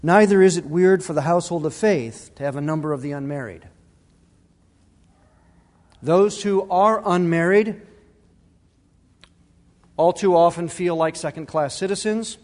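A middle-aged pastor preaches in a lightly higher voice, his words ringing out with a long echo around the sanctuary. He keeps it earnest and conversational and often restarts his phrases. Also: measured pace, long pauses, a little mellow. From Arizona. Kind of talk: sermon.

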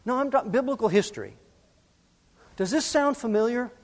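A man's voice: very high voice, lively intonation, brisk, in a large hall. A man preaching a sermon as pastor, emphatic and full of rhetorical questions.

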